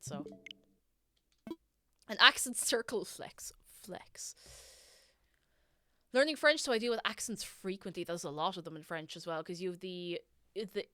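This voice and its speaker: A woman's voice: medium pitch, a bit bright, clear, resonant tone, no echo, studio quality. A woman with an Irish accent, chatting to her viewers in a casual, scatterbrained way while she plays a game. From Ireland. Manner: chatty, scatterbrained, talks to chat. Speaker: streamer. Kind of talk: casual gaming stream chat.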